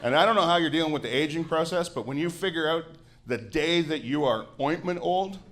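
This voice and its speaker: A man's voice: fairly high pitch, fairly quick, a bit bright, slight background noise. A man in his forties, a Canadian comedian, doing a grouchy, sardonic stand-up set with plenty of swearing on a club stage into a handheld mic. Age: 40s.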